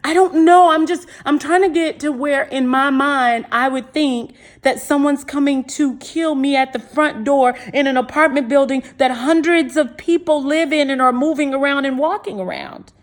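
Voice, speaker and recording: A woman with a high voice talks straight to camera in a casual vlog monologue. She is emphatic, hammers her points home by repeating them, and swears freely. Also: steady tone, normal speed, hardly any pauses. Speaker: vlogger.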